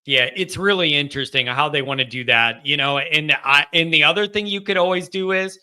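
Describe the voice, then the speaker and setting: A man's voice: on the high side, a little fast, hardly any pauses, pushed and bright. A male host in casual sports talk, chatty and agreeable, often joking at his own expense. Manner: agreeable, self-deprecating, chatty.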